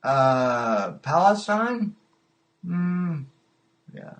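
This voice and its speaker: Taking calls on a live podcast stream, a man chats in a casual, amused way, frequently stalling and repeating himself. His voice runs on the high side and is very animated, yet he speaks very slowly.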